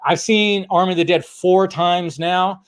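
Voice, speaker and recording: A male host giving casual movie news commentary, excitable, swearing freely and laughing often. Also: high voice, unhurried, clean tone. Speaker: host of a film news channel.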